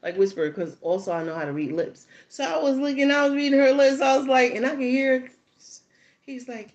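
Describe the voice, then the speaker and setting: Animated middle-aged woman telling a story. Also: high voice, brisk, muffled recording. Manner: animated, laughs often, acts out the other people in her stories. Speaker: tarot channel host. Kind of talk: casual storytelling.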